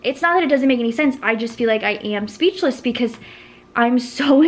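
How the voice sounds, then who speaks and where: A woman, vlogging at home in a nervous, excitable, rambling way full of restarts. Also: medium pitch. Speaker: vlogger and small business owner. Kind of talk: casual vlog chat to camera.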